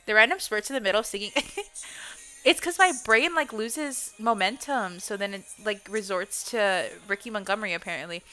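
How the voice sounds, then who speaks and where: A woman's voice: mid-range voice, normal speed, bright, forceful tone, soft background music. A young woman streaming a game and chatting casually, swearing constantly and playfully. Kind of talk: casual gameplay chat.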